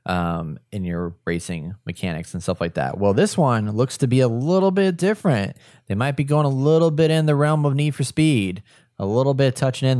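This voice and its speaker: A Texan man co-hosts a casual video game podcast in a lowish, slightly mellow voice, recorded clean in a studio with no room sound. He's chatty and upbeat when reading the news, especially enthusiastic about racing games.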